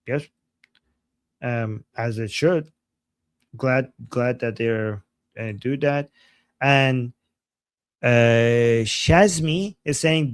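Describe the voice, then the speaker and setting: A man's voice: medium pitch, a little slow, long pauses, dry recording, studio quality. A young man co-hosting a livestream, reading viewer comments aloud and answering them in a casual, chatty way. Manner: chatty, reads comments aloud then responds. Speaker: livestream co-host.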